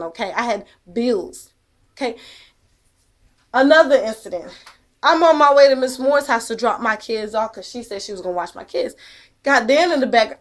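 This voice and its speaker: A woman with a high-pitched voice tells a personal story in an emphatic, heated way. She swears freely and drives each point home with "okay?". Her delivery is raw and conversational. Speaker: mother telling a personal story. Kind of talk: emotional first-person storytelling.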